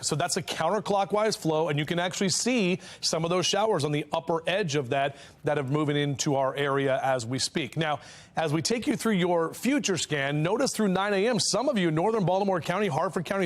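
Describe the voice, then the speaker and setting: A man giving a live TV weather forecast in a studio, chatty and joking with co-anchors. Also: on the high side. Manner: chatty, jokey and upbeat. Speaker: TV meteorologist.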